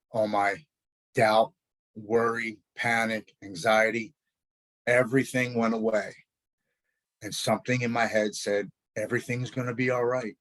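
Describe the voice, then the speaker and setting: A man telling his own story in a blunt, halting way, with repeated words and swearing. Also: on the low side, no room sound. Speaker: storyteller recounting his recovery. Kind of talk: personal spoken story.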